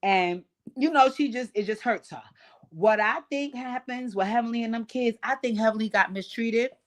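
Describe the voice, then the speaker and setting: A woman's voice: a little high, normal speed. Brief: woman in her 40s, channel host, sassy and profane, casual reality TV recap, blunt asides.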